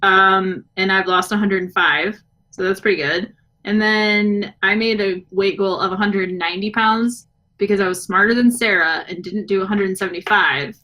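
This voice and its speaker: A woman's voice: mid-range voice, steady tone, normal speed, pushed and bright. A young adult woman chatting as a podcast guest, laughing often and acting out quoted dialogue as she tells a story. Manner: giggly storyteller who acts out quoted dialogue. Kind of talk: casual podcast chat.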